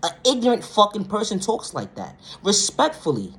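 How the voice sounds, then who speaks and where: A woman's voice: wildly swooping pitch, normal speed. Blunt, profane woman ranting on camera. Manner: blunt, profane, repeats "ma'am, sir" and "respectfully"; swings from low, quiet to loud, high outbursts. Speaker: vlogger. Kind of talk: impassioned monologue rant.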